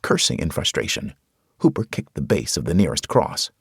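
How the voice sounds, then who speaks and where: A man's voice: low-pitched, huge pitch swings, normal speed, gravelly, husky, no room sound, studio quality. A man narrating a horror audiobook in the first person, with dramatic storytelling.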